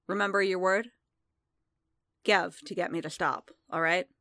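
A woman reading as a calm commanding warrior man. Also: unhurried, dry recording, studio quality. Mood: instructive. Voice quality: low, rich voice. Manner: firm yet soft, quietly rumbling.

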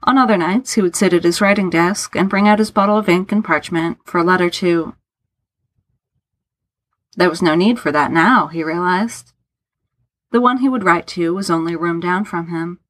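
A woman reading a story aloud in a steady, measured narration. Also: lowish voice, dry recording. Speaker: audiobook narrator.

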